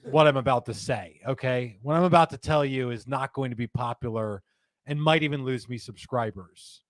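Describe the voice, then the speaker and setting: A man hosting a live stream, talking in a chatty, rambling and animated way. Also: mid-range voice, normal speed, no room sound. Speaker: host.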